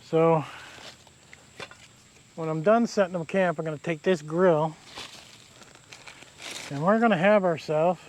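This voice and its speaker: A man with a slightly high voice talks slowly, pausing often, as he vlogs to camera at his camp in damp woods by a river. The outdoor vlogger's style is easygoing and rambling, and faint cricket and insect sounds fill the background.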